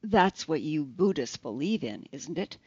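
A cantankerous, toothless old uncle, as an audiobook narrator puts him on, scratchy and blunt. He makes slow, grumbling pronouncements. The recording is dry and slightly dull. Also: mid-range voice, sing-song, a little mellow, husky, dry recording. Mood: grumpy.

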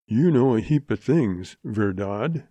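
A man's voice: fairly low pitch, lively intonation, slow pace, mellow, husky, no room sound, exaggerated voice. A man voicing a tough young cowboy who speaks tersely with dry western slang. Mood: tart. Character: tough young male cowboy, tart and steely.

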